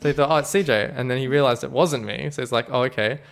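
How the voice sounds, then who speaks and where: Young man, podcast co-host, casual rambling anecdotes, gravelly, middle pitch. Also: quick pace. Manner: rambling anecdotes full of "like" fillers, laughs at his own stories. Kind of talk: casual storytelling chat.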